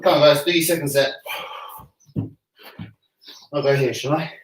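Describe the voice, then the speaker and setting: A man's voice: fairly high pitch, moderate pace, distant mic, a little hiss or hum. A man leading a home workout class, chatty and joking, out of breath between sets. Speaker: fitness coach. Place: room at home. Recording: echoey room, voice from off-mic.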